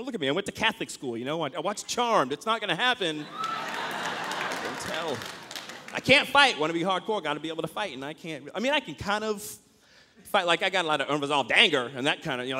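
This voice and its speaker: A man's voice: fairly high pitch, pushed and bright. A man doing a self-mocking stand-up comedy set on a club stage, full of asides. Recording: noisy comedy club with crowd.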